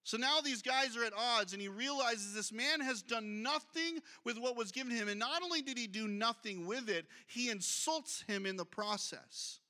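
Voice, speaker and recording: Bright-voiced man preaching. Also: very high-pitched, normal speed, few pauses. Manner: reads scripture aloud, then breaks off to comment; lively, conversational preaching with asides. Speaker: pastor. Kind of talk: sermon.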